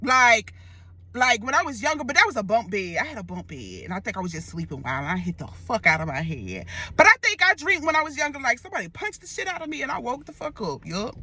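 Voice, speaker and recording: A young woman casually retelling a dream in a vlog, expressive and loose, full of slang and swearing. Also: fairly high pitch, quick pace, husky. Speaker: storyteller vlogger.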